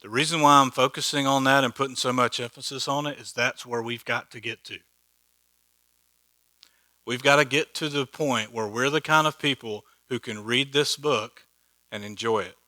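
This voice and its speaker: A man's voice: medium pitch, moderate pace, pauses often, pushed and bright. A man teaching a Bible study in a church hall, conversational and joking, with many rhetorical questions.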